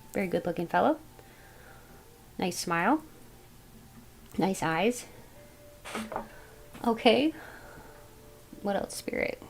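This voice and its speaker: A woman giving a casual tarot reading, thinking aloud as she goes in a musing, unhurried way. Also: mid-range voice, creaky, low-quality recording. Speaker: tarot reader.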